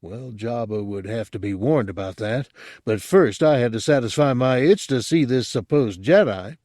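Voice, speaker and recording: A man narrating an audiobook in a gruff first-person storytelling manner. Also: mid-range voice, moderate pace, darkish tone, no room sound, clean studio sound.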